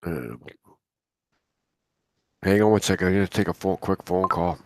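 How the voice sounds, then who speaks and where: Deep raspy man with a cold. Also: moderate pace, slight background noise. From Canada. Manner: rambling, chatty, with frequent restarts and asides. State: hoarse from a cold. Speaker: co-host of a live futures trading stream. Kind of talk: casual live market commentary.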